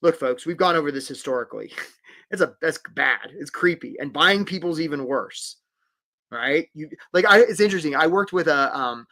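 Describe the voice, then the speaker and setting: A man's voice: fairly high pitch, expressive, normal speed, sharp tone. A man coaching job seekers in a live webinar, upbeat and encouraging, calling out viewers by name.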